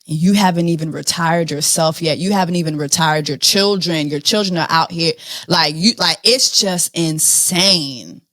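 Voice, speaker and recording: A woman hosting a podcast, talking through celebrity news in an animated, blunt, profane way. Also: sits low, moderate pace, few pauses, no echo, studio quality. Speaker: podcast host. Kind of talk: casual celebrity news chat.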